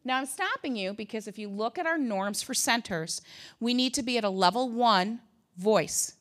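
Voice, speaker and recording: A woman in her fifties gives a conference talk in a bright, clear voice. She tells lively stories with jokes and asides. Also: on the high side, normal speed. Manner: lively storytelling with asides, humor and acted quotes. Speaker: conference presenter.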